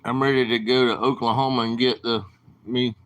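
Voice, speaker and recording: A man's voice: medium pitch, flat delivery, fairly quick, a bit bright. A man with a southern drawl, rambling casually to viewers on his late-night livestream. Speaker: livestream host.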